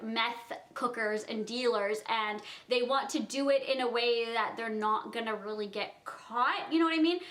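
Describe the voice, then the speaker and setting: A young woman in her twenties telling a storytime vlog, animated and giggly, acting out the quotes. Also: high-pitched. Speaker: vlogger.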